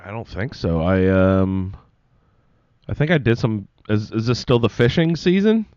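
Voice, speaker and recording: A man hosting a casual podcast, with a smooth, clear voice and lively swings in pitch. His relaxed, wry manner comes through on a dry, slightly dull recording. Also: measured pace, no echo. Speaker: podcast host.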